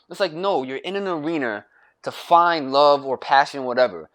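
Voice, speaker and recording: A man's voice: fairly high pitch, moderate pace. Rambling, profane young man ranting. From United States. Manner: rambling and repetitive, profane, restarts often. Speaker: vlogger. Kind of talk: grumpy rant to camera.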